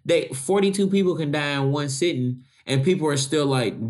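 A man's voice: a little high, normal speed. A young man co-hosting a podcast, joking and swearing freely in casual chat. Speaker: podcast co-host.

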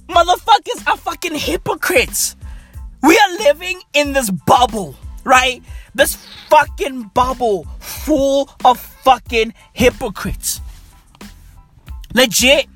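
A man's voice: very high voice, lively intonation, slow pace, fairly bright tone, soft background music. A man ranting casually and profanely, rambling and repeating himself. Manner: rambling, repetitive, heavy swearing. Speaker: vlogger.

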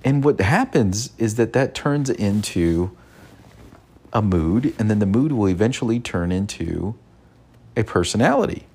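A man's voice: fairly low pitch, expressive, unhurried, slightly rough. A father telling a personal parenting story in an earnest way, often repeating and restarting his phrases. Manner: earnest, repeats himself, soft quoted asides. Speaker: father giving parenting advice.

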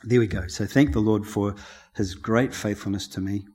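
A man's voice: on the low side, steady tone, normal speed, a little mellow, slightly rough. A middle-aged man speaks to his congregation before preaching. He talks in a chatty, heartfelt way, laughing often and getting emotional as he shares his testimony. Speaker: lay preacher. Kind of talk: personal testimony before a sermon.

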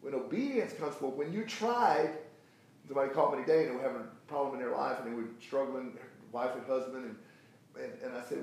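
A man's voice: medium pitch, brisk, gravelly, a little mellow. A man preaching and teaching from the Bible on a talk show, emphatic and repetitive in a preacherly cadence. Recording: echoey room.

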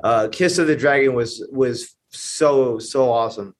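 A man chatting as a podcast guest, enthusiastic and prone to halting restarts. His voice sits in a middle pitch. A faint noise runs under the recording. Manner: enthusiastic, halting restarts, laughs while talking. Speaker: Muay Thai gym owner and head coach, guest. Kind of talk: casual chat.

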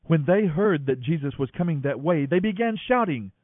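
A man reading scripture aloud in an expressive, animated way. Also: on the high side, normal speed, no echo. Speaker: scripture reader. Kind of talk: scripted narration. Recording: dry, thin phone-like audio.

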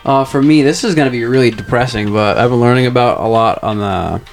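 A young man co-hosting a podcast in casual chat, rambling with lots of fillers and crude deadpan jokes. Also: mid-range voice, brisk, faint music behind. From United States. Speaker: podcast co-host.

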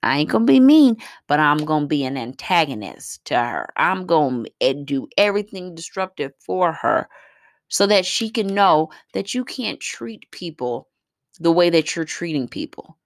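Woman, deep voice, gravelly, blunt profane venting, casual vlog monologue. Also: animated, normal speed, no room sound, studio quality. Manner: blunt, profane, rambling with many fillers. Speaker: mother vlogging about her day.

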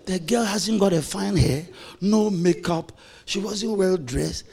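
A man's voice: high voice, slow, gravelly, darkish tone, slightly rough. A male pastor preaching a playful, anecdotal sermon, laughing often as he tells stories. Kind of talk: storytelling sermon.

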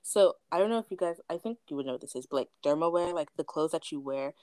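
A woman's voice: sits low, lively intonation, warm tone, no echo. A young woman telling stories in a casual chat, acting out what people said. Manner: quick storytelling with acted quotes. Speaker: discussion prompt reader. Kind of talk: casual conversation.

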